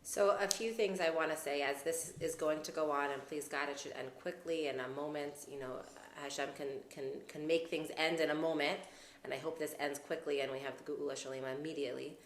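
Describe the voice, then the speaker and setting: A woman with a notably low voice gives earnest advice in a relaxed interview, weaving in Hebrew religious terms. The room is echoey. A faint background hiss sits under her voice. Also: brisk, hardly any pauses. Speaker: guest psychologist. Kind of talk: conversational interview.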